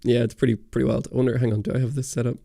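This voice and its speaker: A man with a Northern Irish accent chats loosely on a livestream, rambling through viewer questions. His voice is dark and gravelly, with a dry, close-miked sound. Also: medium pitch, flat delivery, very fast, no room sound. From Northern Ireland. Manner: rambling, answers viewer chat. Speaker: YouTube host on a livestream. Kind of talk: casual livestream chat. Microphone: close studio mic.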